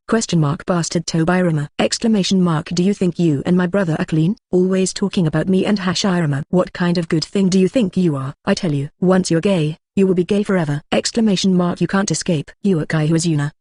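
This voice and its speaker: A text-to-speech audiobook narrator reads a web novel in an even, medium-pitched delivery, saying punctuation such as "exclamation mark" aloud. The audio is studio quality with no echo.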